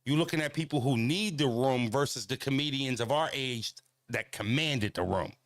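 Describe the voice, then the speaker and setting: A man's voice: mid-range voice, moderate pace, no room sound, clean studio sound. A man hosting a casual walking livestream, talking bluntly and profanely, rambling with lots of fillers and answering viewers' comments. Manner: talks back to viewer comments. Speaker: channel host.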